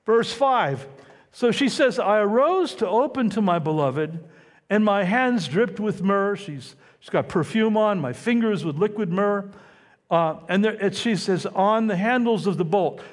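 A man preaching a sermon, teaching in a lively, conversational way with asides to his listeners. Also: sits high. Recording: long hall reverb.

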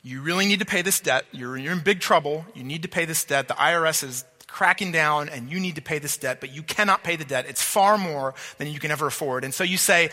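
High, sharp-voiced preacher in a hall. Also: male voice, fairly quick, hardly any pauses. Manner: earnest, repeats words for emphasis, asks listeners to follow along. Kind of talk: sermon. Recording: long reverb of a large hall.

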